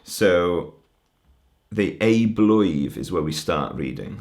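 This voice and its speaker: A man's voice: deep voice, expressive, slow, darkish tone. A man giving a conference talk that explains Welsh poetry, breaking words down patiently syllable by syllable. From Wales. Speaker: language teacher.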